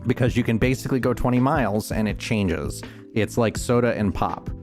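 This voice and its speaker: A man's voice: mid-range voice, a little fast, music in the background. A man with a Northeastern US accent chatting casually while playing a game, talking in a rambling, thoughtful way with lots of restarts. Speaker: streamer. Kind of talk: casual gameplay chat.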